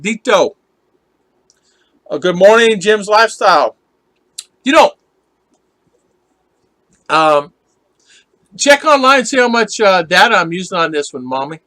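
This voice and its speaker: A man's voice: high-pitched, sharp tone, no room sound. A man hosting a casual live stream, rambling and chatting with viewers, laughing often as he reads their comments.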